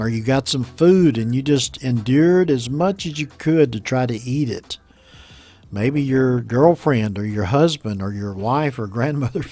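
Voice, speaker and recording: A man with an American accent teaching English pronunciation, reading a news story aloud and explaining words slowly and patiently. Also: medium pitch, darkish tone, no echo. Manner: slow, patient, repeats words for learners.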